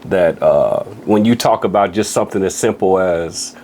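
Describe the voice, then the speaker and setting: A man hosts a podcast interview and responds with earnest, heartfelt words. His voice sits on the low side, and a faint hiss runs under the recording. He talks to his guest casually, calling him bro and man. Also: normal speed, darkish tone. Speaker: podcast host.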